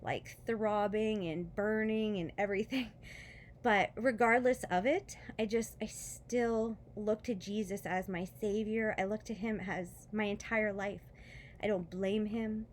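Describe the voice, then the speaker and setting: A medium-pitched woman talks a little slowly, her intonation fairly even, with a bit of hiss or hum. She's a vlogger and mother giving a casual testimony of faith after foot surgery, in pain but warm and talkative, with frequent fillers and short laughs.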